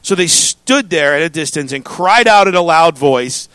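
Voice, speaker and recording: A man preaching a sermon as pastor, reading scripture and joking with his congregation in an animated way. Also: on the high side, normal speed, few pauses, no room sound.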